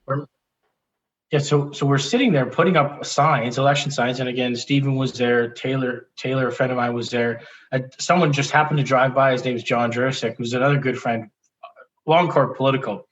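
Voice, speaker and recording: A man speaks as an interview guest at a middle pitch. He tells a personal story in an animated, candid way, often restarting his sentences. The sound is a little dull and muffled. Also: brisk. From Canada. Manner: animated, restarts often, laughs while telling.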